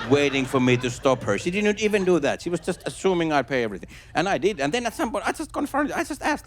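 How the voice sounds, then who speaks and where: A man doing a stand-up comedy set on stage before a live audience. He talks haltingly, with many restarts and fillers. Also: fairly high pitch, sing-song, slight background noise. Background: audience laughter.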